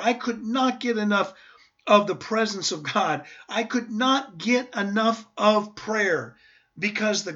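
A man's voice: high voice, a bit bright, muffled recording. A man pastor teaching a verse-by-verse Bible sermon, earnest and emphatic, with rhetorical questions to his listeners.

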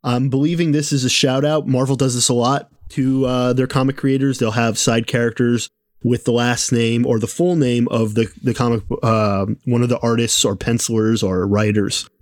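A man's voice: medium pitch, level tone, normal speed, no echo, studio quality. A man co-hosting a casual podcast, talking with many fillers and restarts. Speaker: podcast co-host.

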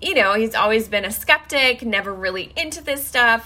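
Bright-voiced woman telling a personal story. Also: a little high, animated, normal speed, few pauses. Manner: emotional, rambling, many "like" fillers.

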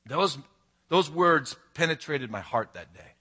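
A man preaching a sermon as pastor, telling a story earnestly and moving between hushed and emphatic passages. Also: fairly high pitch, animated, unhurried.

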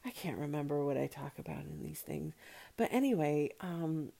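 Low-voiced chatty American woman. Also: expressive, moderate pace, gravelly, dark tone. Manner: chatty, rambling, lots of fillers. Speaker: podcast host. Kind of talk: casual solo chat.

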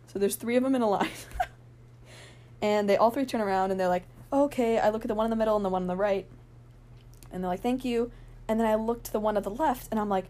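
A young woman telling a rambling, excited story in a casual vlog, full of fillers and laughs. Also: fairly high pitch, brisk.

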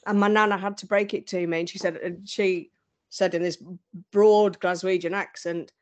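A woman as a guest, telling stories in an animated, storytelling way. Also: lowish voice, normal speed. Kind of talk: casual fan chat.

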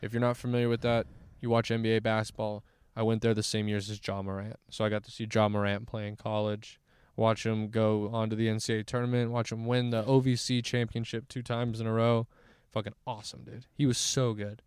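Young man, smooth voice, rambling chat. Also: lowish voice, flat delivery, brisk, darkish tone, no echo, clean studio sound. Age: young adult. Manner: rambling, swearing, heavy use of "like". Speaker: guest, former college athlete. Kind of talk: casual storytelling chat.

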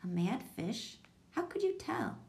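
A woman's voice: mid-range voice, big pitch swings, a little slow, darkish tone. Woman doing a bossy kid detective. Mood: bossy, questioning. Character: bossy young girl detective, practical.

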